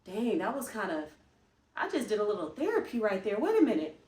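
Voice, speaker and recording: A woman's voice: medium pitch, big pitch swings, brisk. Chatty woman vlogging in a roomy space. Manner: chatty, rambling, emphatic and self-encouraging. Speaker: fitness vlogger. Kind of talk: casual vlog talk to camera. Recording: roomy, picked up from a distance.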